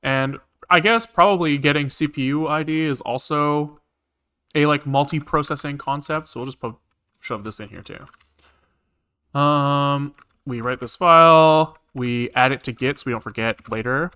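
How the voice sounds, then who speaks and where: A man's voice: a little high, normal speed, bright, forceful tone, clean tone. A man streaming live coding, rambling casually with lots of fillers and the odd swear as he thinks aloud. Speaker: programming streamer.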